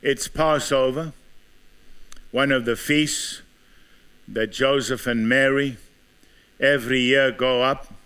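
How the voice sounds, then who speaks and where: A man's voice: medium pitch, fairly even intonation, slow pace, long pauses, fairly bright tone, smooth. A man with a South African accent preaching a sermon as pastor, building his points with repeated rhetorical questions.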